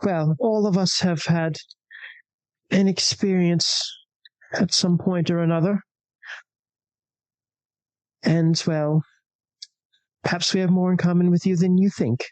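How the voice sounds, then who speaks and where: A player voicing a gentle, polite woman artist. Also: mid-range voice, fairly even intonation, slow, pauses often, no echo, close to an everyday voice, poor audio. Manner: soft, polite and careful. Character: gentle adult woman artist, kind and self-deprecating.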